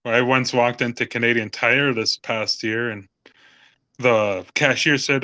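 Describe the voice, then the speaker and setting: A man's voice: medium pitch, fairly even intonation, measured pace, sharp tone, no echo. A man chatting casually as a guest over his phone, laughing often and giving short agreeable replies. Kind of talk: casual chat on a livestream.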